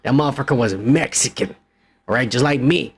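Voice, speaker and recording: A man's voice: mid-range voice, brisk, creaky, husky. A man from Texas hosting a podcast, ranting in crude, mocking, profanity-laced commentary. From Texas, USA. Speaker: podcast host.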